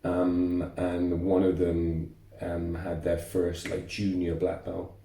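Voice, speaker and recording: A man, telling lively stories as a martial arts instructor guest, repeating words as he goes. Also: sits low, takes it slowly, gravelly, distant mic. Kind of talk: casual interview storytelling. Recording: roomy echo, voice off-mic.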